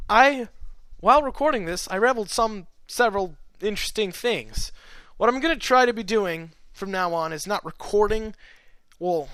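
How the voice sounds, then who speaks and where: High, smooth-voiced young man rambling. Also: a bit bright, no echo. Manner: chatty, meandering, full of fillers and restarts. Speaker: audiobook reader. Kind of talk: rambling author's note.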